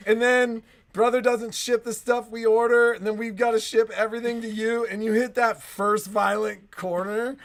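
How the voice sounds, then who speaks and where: A man in his forties co-hosting a shop livestream, telling rambling, animated stories in casual chat. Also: high voice, normal speed, few pauses. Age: 40s. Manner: rambling, animated storytelling with acted-out voices. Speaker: shop co-host.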